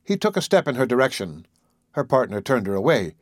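Expressive male storyteller, dry and close. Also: medium pitch, fairly quick, no room sound. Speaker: narrator. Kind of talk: scripted narration.

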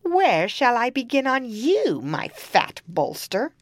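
A woman voicing a hungry, cruel old witch in a storybook reading, drawing out her words with loud menace. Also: fairly high pitch, sing-song, takes it slowly, no echo, pitched above the performer's own voice, exaggerated voice. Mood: menacing.

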